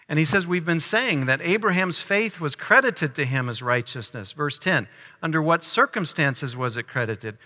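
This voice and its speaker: A man's voice: fairly high pitch, pushed and bright, in a large hall. A man preaching a sermon, reading scripture aloud and asking his listeners teaching questions. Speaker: pastor.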